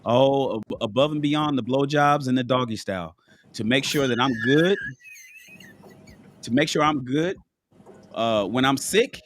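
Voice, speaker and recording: A man's voice: mid-range voice, a little slow, pauses often, a little hiss or hum. A man who is sick and lying down, talking bluntly and profanely as a panelist in a casual chat, with many restarts and a cough. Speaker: panelist on a live call-in show. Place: at home in bed.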